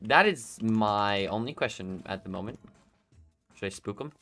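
A man narrates his own gameplay in an excitable, jokey way, often breaking into laughter and calling out to other players. His voice is bright and swings widely in pitch. Faint game music plays behind him. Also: normal speed. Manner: excitable, laughs often, talks to himself and opponents. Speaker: gaming YouTuber. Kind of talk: live gameplay commentary.

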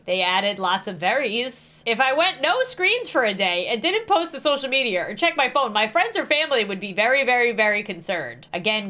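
A woman's voice: on the high side, pushed and bright. A young woman reacting aloud to a creepy quiz game, reading the questions out and laughing nervously. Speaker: gaming YouTuber.

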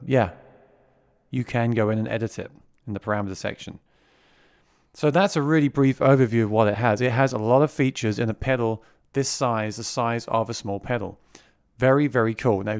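Guy casually demoing music gear into a vocal mic, mid pitch, dry close sound, chatty, stumbles and repeats words. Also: no room sound. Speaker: gear reviewer. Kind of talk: casual product demo. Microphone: vocal mic routed through the mixer being reviewed.

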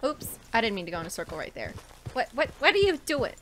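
A woman's voice: fairly high pitch, sing-song, fast talker, a bit bright, a little hiss or hum. A young woman streamer giving casual, emotional, chatty commentary on a game she plays. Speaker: gaming streamer. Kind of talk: casual let's-play commentary.

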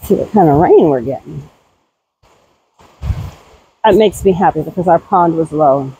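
A woman talking casually while doing farm chores outdoors around a barn, cooing at her animals in a high baby-talk voice. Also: a little slow, dark tone, slight background noise, poor audio. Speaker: homesteader vlogger. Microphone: handheld camera.

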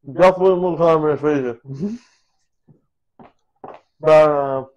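A man's voice: a little high, measured pace, a little mellow, dull audio. A man in his own kitchen casually narrating a cooking vlog, goofy and rambling, laughing at himself as he goes. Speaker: cooking vlogger. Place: home kitchen.

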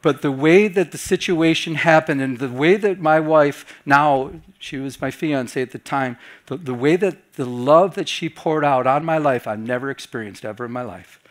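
A middle-aged pastor, a man, telling a personal story to his Bible study group. His voice sits fairly high for a man, and he swings from excited, loud re-enactments of his own reactions down to hushed, confessional tones. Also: normal speed, few pauses.

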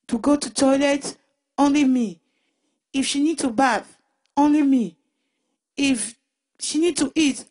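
A woman giving a personal Christian testimony in an emotional, halting way, often restarting and repeating her words. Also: high voice, darkish tone. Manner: emotional retelling.

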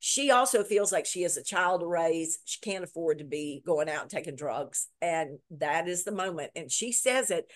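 A woman author, a guest in a video interview, telling a story with lively retelling and repeating words for emphasis. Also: fairly low pitch, moderate pace, hardly any pauses. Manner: lively retelling that acts out quoted lines.

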